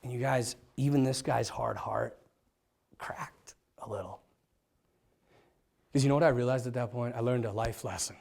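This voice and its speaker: A priest giving a personal testimony to a group, animated and self-mocking. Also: male voice, medium pitch, normal speed, vocal fry, long pauses. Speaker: priest, vocation director.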